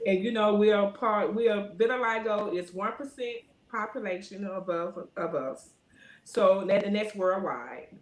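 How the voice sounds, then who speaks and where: A middle-aged woman, talking in a casual interview and filling her speech with "you know", getting lively when she tells stories. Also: mid-range voice, unhurried, echoey room. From Alabama. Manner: rambling, frequent "you know" fillers; animated when telling stories. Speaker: guest.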